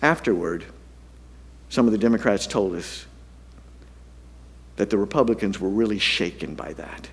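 A man, a pastor, telling a story in a sermon to his congregation, animated and self-deprecating, swinging from loud to hushed. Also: on the low side, normal speed, pauses often.

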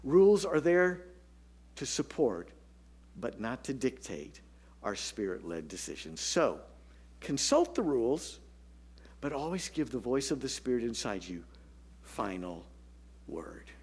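A man's voice: mid-range voice, sing-song, unhurried, long pauses, a little mellow, husky. A man preaching a sermon as pastor, telling stories and dropping to a whisper for emphasis. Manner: storytelling, dynamic, drops to a whisper for emphasis.

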